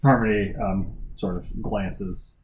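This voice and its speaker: A man playing a tabletop game, halting as he describes his character's actions. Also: on the low side, fairly even intonation, a little hiss or hum, low-quality recording. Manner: halting, with fillers. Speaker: player.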